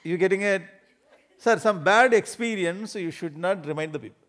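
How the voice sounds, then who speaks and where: A spiritual teacher with an Indian English accent delivers a discourse full of humor. His voice sits slightly on the high side for a man. He laughs often and slips into small acted-out scenes to make his points. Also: normal speed. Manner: animated, laughs often, acts out everyday scenes.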